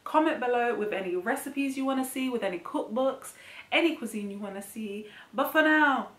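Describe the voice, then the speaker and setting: A woman hosting a cooking channel, chatting in a casual vlog review, bubbly and excitable with slangy asides. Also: fairly high pitch, fairly quick. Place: home kitchen. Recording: echoey room.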